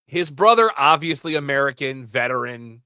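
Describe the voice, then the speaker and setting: A man co-hosting a casual podcast, rambling through animated movie recaps with side comments. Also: medium pitch, moderate pace, clear, resonant tone, dry recording, clean studio sound. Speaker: podcast co-host.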